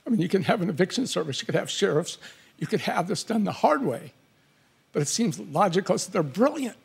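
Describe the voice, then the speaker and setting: A middle-aged man, a father appearing as a talk show guest, speaking in a hesitant, halting way. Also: high voice, big pitch swings, vocal fry, slightly rough. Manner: hesitant, halting, soft-spoken.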